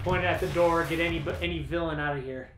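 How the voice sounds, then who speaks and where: A man's voice: fairly high pitch, steady tone, fast talker, reverberant, loud music behind the voice. A young man giving an upbeat tour of his little decorated house and proudly showing off each item. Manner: upbeat, showing off items like a salesman. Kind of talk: casual chat, house tour. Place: indoors, small decorated hut.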